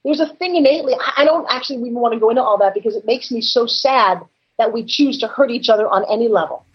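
A woman guest in an interview, talking in an effusive, animated and emotional way. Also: a little high, fast, slightly rough, muffled recording.

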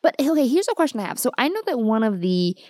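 A woman's voice: fairly high pitch, sing-song, quick pace, a little mellow, no echo, studio quality. A woman co-hosting a casual podcast, asking curious questions and laughing along with her partner.

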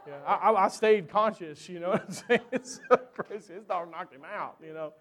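High-voiced man preaching, storytelling. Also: normal speed. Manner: animated, chatty storytelling with many fillers. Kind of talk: sermon with personal storytelling.

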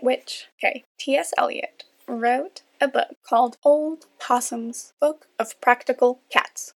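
Gravelly-voiced young woman ranting casually. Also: high voice. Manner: chatty, self-deprecating, rambling with asides. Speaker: podcast host. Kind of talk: solo casual rant.

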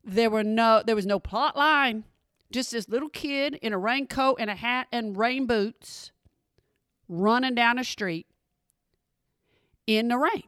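A middle-aged woman, hosting a podcast and chatting with her listeners, calling them y'all. Her voice is a little hoarse, with an occasional frog in her throat. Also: a little high, unhurried, long pauses, a bit bright, no echo, studio quality. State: slightly hoarse, clearing throat. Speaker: podcast host. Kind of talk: casual chat.

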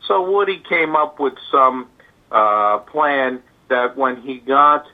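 A male author being interviewed, telling a history in a halting way with many fillers and restarts. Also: mid-range voice, expressive. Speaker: author guest. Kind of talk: interview storytelling. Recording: tinny phone line.

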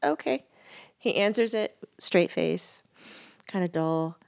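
A woman's voice: medium pitch, slow, creaky. A middle-aged woman co-hosting a podcast, telling funny stories in casual chat and laughing often. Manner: giggly, animated storyteller. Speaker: podcast co-host, medium.

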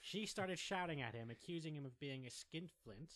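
A man reads a news story aloud for his podcast partner in a laid-back, amused tone. His voice is bright and forceful and sits a little high. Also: lively intonation, moderate pace. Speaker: podcast co-host. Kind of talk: casual chat, reading a news story aloud.

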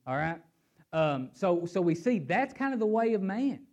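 Animated male preacher, fairly high voice. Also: normal speed. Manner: animated, rising and falling emphasis; repeats words as he thinks aloud. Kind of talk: sermon with scripture reading.

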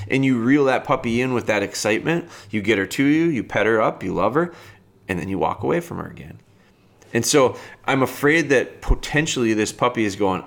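A man talking casually as a dog trainer, plain-spoken and relaxed, who breaks into high excited calls to show how to call a puppy. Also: fairly quick. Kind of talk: casual advice talk.

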